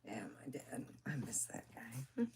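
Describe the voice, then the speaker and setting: A woman's voice: rumbling low, very animated, measured pace, noisy background. A woman vlogger telling personal stories in a rambling, chatty way, with swearing. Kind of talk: casual personal storytelling.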